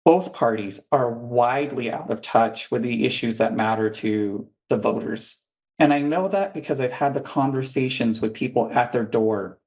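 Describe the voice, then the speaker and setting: A man's voice: medium pitch, a little mellow. A man who is a guest on a political talk show and campaigns for office, speaking earnestly and building his points through repetition like a stump speech.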